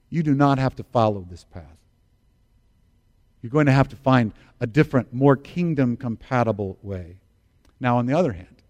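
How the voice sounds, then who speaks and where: A man's voice: a little high, darkish tone. A middle-aged American man preaching a sermon as pastor, earnest and emphatic, repeating phrases for stress.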